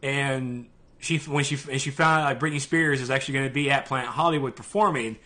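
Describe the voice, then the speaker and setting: A man's voice: medium pitch, fairly quick, pushed and bright. A man with a Southern US accent hosting a casual gaming podcast, chatty and sometimes mumbling. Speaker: podcast host. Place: live-streamed podcast.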